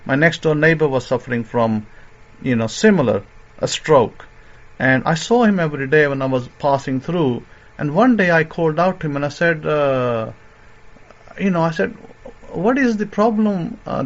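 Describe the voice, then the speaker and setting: A man's voice: a little high, lively intonation, normal speed, highs cut off. A man telling a story in a sermon, with a rambling way of talking, many fillers and restarts, as a religious teacher.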